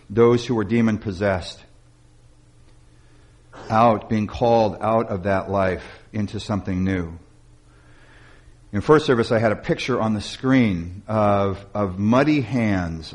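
A man preaching, building up with emphasis and then dropping into slow, quiet passages, with some restarts. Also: fairly low pitch. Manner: restarts and repeated words. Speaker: pastor. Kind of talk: sermon.

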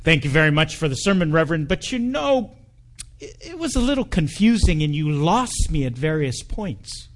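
A man playing a polite little bald-headed old man who gives blunt criticism in a quick, courteous voice. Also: a little high, sing-song. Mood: politely blunt.

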